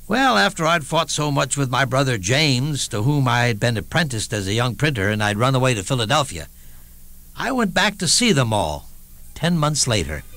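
A man's voice: medium pitch, big pitch swings, normal speed, fairly bright tone. An actor playing a witty old statesman raconteur. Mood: amused. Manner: wry, chuckling storyteller. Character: elderly male statesman, witty, wry raconteur. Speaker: stage actor in a one-man show. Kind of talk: theatrical storytelling monologue.

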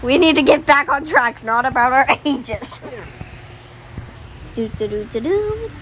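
A woman giving casual commentary while playing a game, excitable and melodramatic, swinging from mumbling to yelling. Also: high-pitched, unhurried, a little hiss or hum, low-quality recording. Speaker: gameplay commentator. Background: game music.

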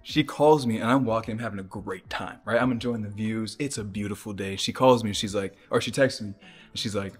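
A man's voice: fairly low pitch, fairly quick, breathy edge, soft background music. A young man chatting casually on a travel vlog, joking in a laid-back way. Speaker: travel companion. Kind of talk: casual chat.

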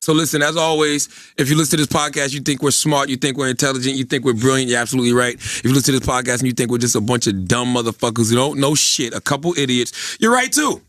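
A man's voice: medium pitch, fast talker, hardly any pauses, dry recording. A man co-hosting a podcast, telling stories with lots of acted-out voices and swearing. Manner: lively storyteller, acts out voices, profane. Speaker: podcast co-host. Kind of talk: animated storytelling chat.

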